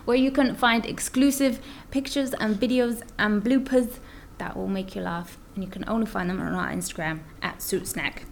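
A woman's voice: mid-range voice, fairly even intonation, normal speed, creaky, a little hiss or hum. A woman co-hosting a podcast in casual chat, filling her talk with "like". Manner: chatty, many "like" fillers. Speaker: podcast co-host.

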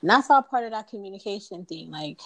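A woman's voice: mid-range voice, quick pace, rough recording. A woman co-hosting a casual conversation, animatedly acting out dialogue as she tells stories. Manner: animated storyteller, acts out dialogue.

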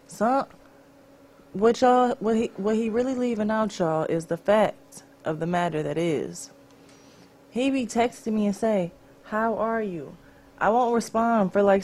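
A woman's voice: mid-range voice, a little mellow. Young female co-host, teasing and dry in her comebacks. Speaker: podcast co-host. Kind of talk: casual chat.

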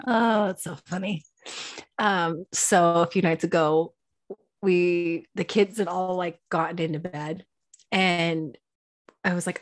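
A woman in her thirties co-hosting a podcast in casual chat, animated and acting out her kids' voices. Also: lowish voice, unhurried. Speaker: podcast co-host.

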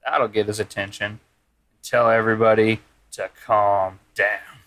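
A man's voice: fairly low pitch, flat delivery, a little slow, a bit bright. A man playing a tabletop game, wry and scheming with the group. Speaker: player. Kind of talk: casual tabletop play.

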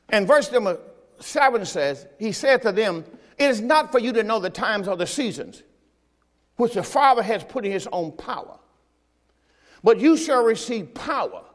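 A male pastor preaching a sermon at a church service, asking rhetorical questions and slowing down to quote scripture with emphasis. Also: high voice, long reverb tail.

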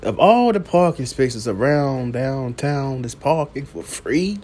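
A man hosting a late-night solo podcast, talking slowly and profanely and returning again and again to one catchphrase. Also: mid-range voice, lively intonation, darkish tone, slight background noise. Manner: slow, profane, repeats a catchphrase; coughs now and then. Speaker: podcast host. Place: downtown building at night.

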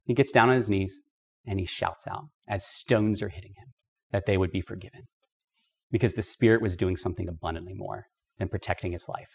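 A man's voice: low-pitched, fairly quick, vocal fry, slightly rough. Emphatic man teaching Bible study. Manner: emphatic, conversational, with casual asides. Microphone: podcast microphone.

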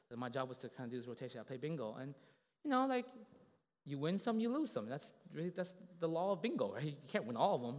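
A man preaching in a church, telling a story in a lively, conversational way and checking in with the congregation again and again. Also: medium pitch, in a large hall. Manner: animated, conversational, asks many tag questions. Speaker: pastor. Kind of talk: sermon with a told story.

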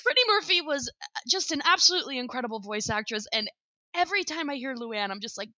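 A woman co-hosting a casual podcast chat, excitable and quick to laugh, swearing casually. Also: high voice, no echo. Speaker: podcast co-host.

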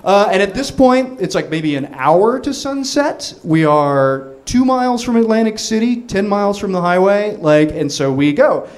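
A man in his thirties tells a comic story with a voice pitched a little high. He rambles, restarts his sentences and laughs his way through the telling, all excitable energy. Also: moderate pace, few pauses.

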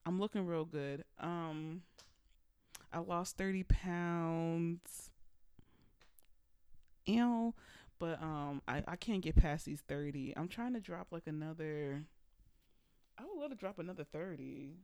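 A woman's voice: lowish voice, slow, pauses often, darkish tone, clean tone, dry recording, clean studio sound. A woman hosting a podcast, chatting casually and playfully, talking straight to her listeners. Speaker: podcast host. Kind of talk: casual chat. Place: indoors, at home.

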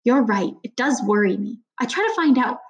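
A woman's voice: a little high, big pitch swings, moderate pace. A woman reading a worried middle-aged mother's lines in an audiobook, hesitant with forced heartiness.

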